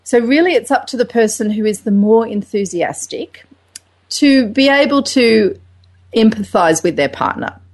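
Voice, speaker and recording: A woman's voice: fairly high pitch, normal speed. Enthusiastic woman co-hosting a sex podcast. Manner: enthusiastic, animated, acts out little quotes. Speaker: podcast co-host. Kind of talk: casual sex-education chat.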